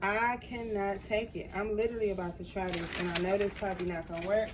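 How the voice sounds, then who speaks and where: Speaking fast with little pitch movement in her mid-range voice, a young adult crafting vlogger chats to "y'all" while working on a craft project. She reacts openly and emotionally as she goes, and the background is noisy.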